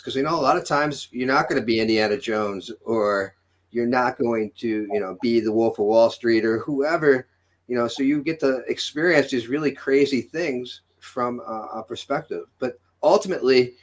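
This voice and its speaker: Thoughtful man musing in casual chat. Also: mid-range voice. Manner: thoughtful, leans on fillers like 'you know' and 'right'.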